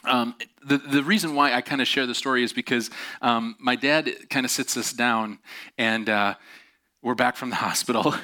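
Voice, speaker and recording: A middle-aged man preaches from the pulpit, opening his sermon with a long story. His voice is bright and forceful, sitting at an average pitch. He is animated and self-mocking, and he keeps laughing at his own tale. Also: normal speed. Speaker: pastor.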